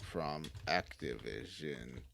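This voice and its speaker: A man's voice: a bass voice, takes it slowly, gravelly, fairly bright tone, slight background noise. A man co-hosting a gaming podcast, chatting casually and enthusiastically with rambling restarts. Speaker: podcast co-host.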